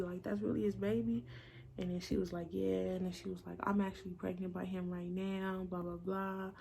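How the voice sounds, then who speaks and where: A young woman telling a storytime vlog in a blunt, profane, animated way, acting out the other people's lines. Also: mid-range voice, gravelly. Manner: blunt, profane, animated retelling with quoted voices. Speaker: vlogger. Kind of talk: casual storytime chat.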